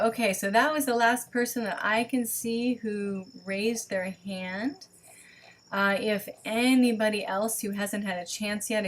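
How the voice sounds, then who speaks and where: A woman leading an online spiritual gathering over a webcam, talking casually and thinking aloud with many pauses and ums. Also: mid-range voice. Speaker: online service leader. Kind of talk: online livestream teaching.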